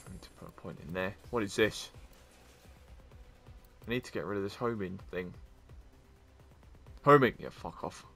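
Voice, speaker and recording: A man's voice: deep voice, normal speed, gravelly, pauses often. Sweary, sarcastic man playing a game. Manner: sweary, sarcastic, muttering to himself. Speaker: gameplay commentator. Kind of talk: casual gaming commentary. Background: loud game music and gunfire.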